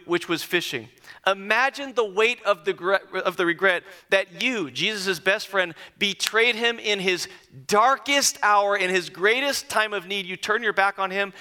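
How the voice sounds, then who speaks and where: A pastor preaches to his church in a bright, slightly high voice. He tells the story with sudden hushed drops and building emphasis. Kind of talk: sermon.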